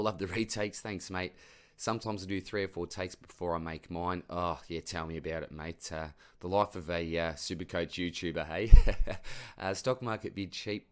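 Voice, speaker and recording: Matey Australian man with a low voice. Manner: casual and matey, calls everyone mate, buddy, champ. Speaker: fantasy football YouTuber. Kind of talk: reading out and answering viewer comments.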